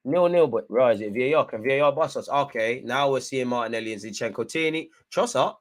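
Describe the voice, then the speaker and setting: Here's a young man doing live, fired-up fan commentary on a football match, cheering the team on and lurching between frustration and hype. He talks fast in a mid-range voice.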